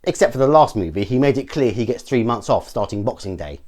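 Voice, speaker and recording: Male English film reviewer, dry and sarcastic, fast and animated. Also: medium pitch, soft background music. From England. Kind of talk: scripted film review narration.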